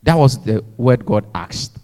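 A male preacher, speaking in church, exhorts his congregation fervently and has them echo his words back. His medium-pitched voice is animated, unhurried and darkish, followed by a long reverb tail.

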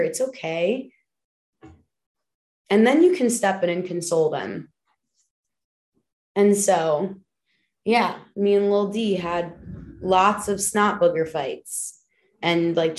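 A woman hosting a podcast, talking candidly and emphatically about her own feelings, with casual swearing and frequent fillers. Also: medium pitch. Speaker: podcast host. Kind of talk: personal reflective monologue.

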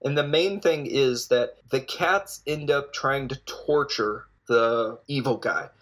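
A man's voice: mid-range voice, slow, fairly bright tone. A man recapping a foreign film in a rambling, jokey way with lots of asides. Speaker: film reviewer.

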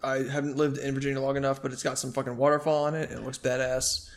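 A man's voice: medium pitch, little pitch movement. A man co-hosting a casual podcast, joking and swearing, often stopping and restarting his sentences. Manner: joking, profane, halting with restarts. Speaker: podcast co-host. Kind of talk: casual chat.

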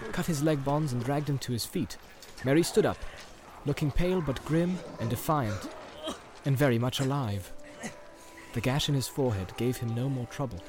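Man narrating an audiobook. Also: mid-range voice. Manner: steady storytelling. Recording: background noise.

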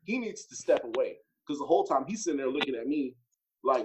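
A man's voice: mid-range voice, lively intonation, fast, rough recording. A man telling a story in a casual, blunt, profane way, acting out his own reactions as he goes.

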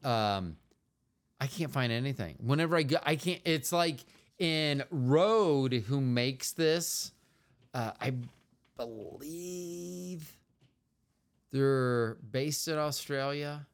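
A man's voice: mid-range voice, takes it slowly, clear, resonant tone. A man from the United States co-hosting a casual podcast with his partner, rambling and trailing off as he talks. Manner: rambling, meandering, trails off often. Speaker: podcast co-host. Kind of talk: casual chat.

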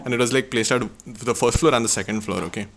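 A man's voice: medium pitch, fast talker, fairly bright tone, slight background noise. A young man from India, a podcast co-host, telling a story in casual chat and tagging sentences with "okay?". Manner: rambling, tags sentences with "okay?".

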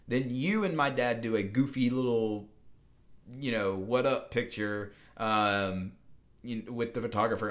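A young man co-hosts a casual podcast, his voice sitting a little on the low side. He rambles through a story with plenty of fillers and restarts. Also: fairly bright tone. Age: young adult. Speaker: podcast co-host.

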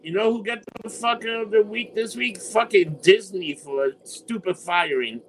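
Man co-hosting a podcast, high voice, blunt, profane, faint background noise. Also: normal speed, rough recording. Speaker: podcast co-host. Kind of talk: casual profane chat.

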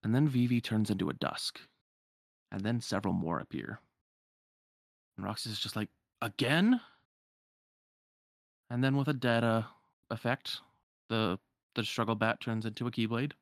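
A man's voice: on the low side, moderate pace, creaky, long pauses, no echo, clean studio sound. A man casually retelling a video game's story in a loose, filler-heavy way, briefly putting on voices for the characters. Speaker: game recapper. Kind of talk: casual video game recap.

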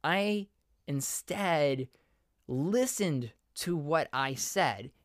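A man's voice: fairly high pitch, fairly bright tone, no room sound, clean studio sound. A man hosting his own podcast, talking earnestly and rambling as he corrects himself mid-sentence. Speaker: podcast host and voiceover artist. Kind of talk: casual solo podcast monologue.

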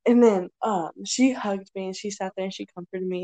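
Young woman, casual storyteller, mid pitch, fillers, dry close recording. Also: fairly even intonation, moderate pace, no echo, low-quality recording. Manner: chatty storytelling, rambling with fillers; shouts playful impressions of friends. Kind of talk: casual chat.

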